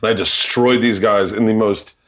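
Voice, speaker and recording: A middle-aged man telling comedy-club stories in casual chat, animated, acting out quoted voices and laughing often. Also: fairly low pitch, normal speed.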